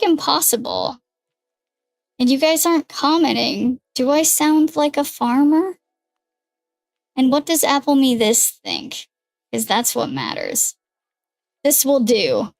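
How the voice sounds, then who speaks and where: A woman's voice: high-pitched, no room sound. A young woman streaming a card game, chatting casually and thinking aloud over her moves on a headset mic. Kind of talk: casual gaming livestream commentary. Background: faint background music.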